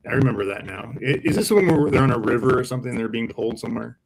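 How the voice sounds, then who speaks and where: A man's voice: mid-range voice, rapid-fire, gravelly, rough recording. A man co-hosting a podcast, musing aloud and drawing comparisons to other episodes. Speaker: podcast co-host. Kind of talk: casual podcast chat.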